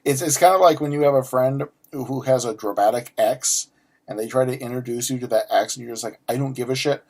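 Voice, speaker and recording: This unboxing vlogger, a profane man in his forties, chats casually through a subscription box in a middle pitch that's a touch fast and a touch mellow. He rants with sarcasm and keeps restarting, tripping over repeated words. Apart from the attitude, his voice is unremarkable.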